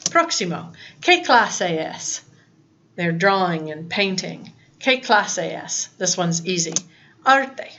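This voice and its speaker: A woman's voice: lowish voice, sing-song, slow pace, a bit bright, slight background noise. A woman teaching a recorded lesson to her students in a patient, explaining way. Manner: patient, talks to students, mixes English and Spanish prompts. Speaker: Spanish teacher.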